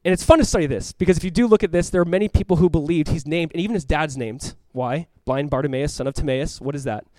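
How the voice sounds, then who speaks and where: A man preaching a sermon as pastor, animated, acting out voices and swinging from loud cries to hushed, earnest tones. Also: fairly high pitch, fast, hardly any pauses, no room sound. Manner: animated, acts out voices of the crowd and the blind man.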